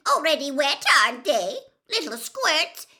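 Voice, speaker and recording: A woman voicing a mischievous, cackling male poltergeist in a storybook reading, shrill and gleeful. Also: big pitch swings, a little slow, noisy background. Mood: gleeful taunting.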